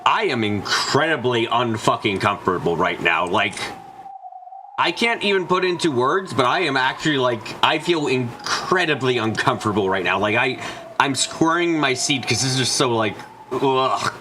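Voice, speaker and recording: A man's voice: mid-range voice, lively intonation, normal speed, background noise. A man streaming a visual novel, reacting with swearing and self-mocking remarks. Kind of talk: let's-play commentary.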